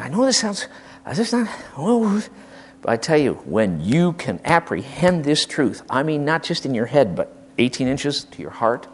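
An older man preaches with real fire, his fairly high voice leaping and plunging across a wide span. He drops to near-confiding asides, then swells into loud, emphatic declarations. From American Midwest. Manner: impassioned, emphatic, swinging from hushed to loud. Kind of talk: sermon.

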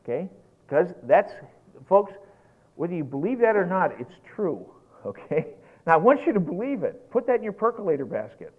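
A man's voice: high-pitched, normal speed, breathy edge. Folksy preacher guy getting all worked up, voice jumps all over, sounds like it's on a phone line. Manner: animated and folksy, gets worked up. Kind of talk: sermon. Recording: tinny lo-fi phone-like recording.

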